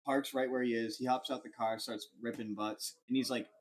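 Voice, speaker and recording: A young man hosting a podcast, telling a rambling, animated anecdote full of fillers and swearing. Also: mid-range voice, brisk. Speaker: podcast host. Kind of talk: casual storytelling.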